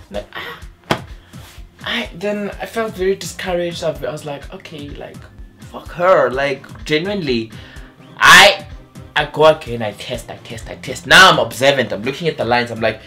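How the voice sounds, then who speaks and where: A young man from South Africa telling an animated storytime vlog, acting out the other people's voices. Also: sits high, normal speed, soft background music. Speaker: vlogger.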